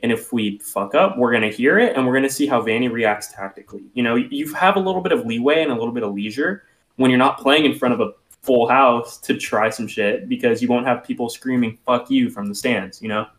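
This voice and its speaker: A man on a sports podcast speaks candidly and casually, with the odd curse word. His pitch is ordinary and middle. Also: a little fast, fairly bright tone. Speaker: podcast co-host.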